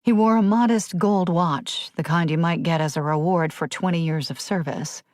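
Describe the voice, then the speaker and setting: Low-voiced woman narrating a thriller. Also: normal speed, darkish tone, dry recording, clean studio sound. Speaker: audiobook narrator.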